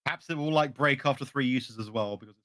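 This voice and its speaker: A man's voice: medium pitch, fast talker, a loud crowd. A man playing a tabletop game, talking casually and hesitantly as he thinks aloud. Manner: hesitant, full of ums and restarts. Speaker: player. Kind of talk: casual tabletop role-play chat.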